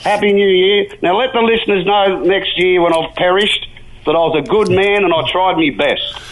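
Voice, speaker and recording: Older Australian caller, slightly high voice, rambling and colourful, over a radio line. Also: male voice, normal speed, rough recording. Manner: chatty, colourful, jumps between topics. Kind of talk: talkback radio call. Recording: radio call.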